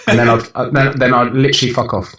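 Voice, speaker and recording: A man's voice: medium pitch, little pitch movement, fast talker, distant mic, background noise. A young man, a podcast guest, talking bluntly and with plenty of swearing as he tells motivational stories. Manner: blunt, profane, motivational storytelling. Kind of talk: casual podcast conversation. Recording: dull, roomy podcast recording.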